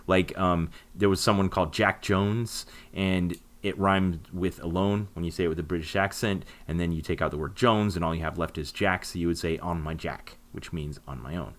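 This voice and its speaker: A man's voice: low voice, fairly even intonation, moderate pace, few pauses, a bit bright. A man co-hosting a podcast, explaining things in a rambling casual way with many fillers. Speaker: podcast co-host.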